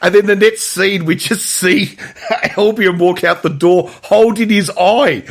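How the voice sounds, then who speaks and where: A man's voice: high-pitched, a little slow. A man co-hosting a podcast, chatting casually about films, rambling with many restarts and stammered repeats, laughing often. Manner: laughs often, mimics film lines in a raised voice. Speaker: podcast co-host. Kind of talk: casual film chat.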